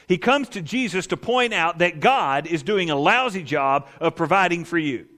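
A male pastor preaching a sermon in an animated, conversational way with rhetorical asides. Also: high voice, normal speed.

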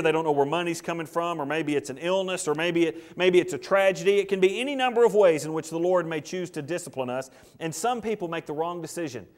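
Animated preacher man. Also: on the high side. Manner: animated, acts out Bible characters' complaints. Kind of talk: sermon.

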